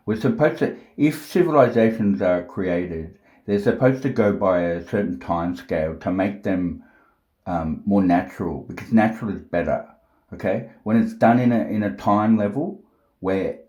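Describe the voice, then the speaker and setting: A man with a very low, dark voice talks to camera at home, slow and halting as he thinks aloud, with many fillers and restarts. He turns blunt and profane when he insists. The recording is dull and lo-fi, with a roomy echo. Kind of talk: unscripted monologue to camera.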